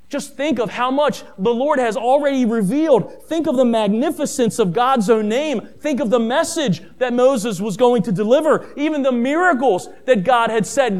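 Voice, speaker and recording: High-voiced, clear-toned storytelling preacher man. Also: lively intonation, unhurried. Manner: storytelling preacher who addresses listeners as family; emphatic, with rising pitch and volume on key points. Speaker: pastor. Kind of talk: sermon.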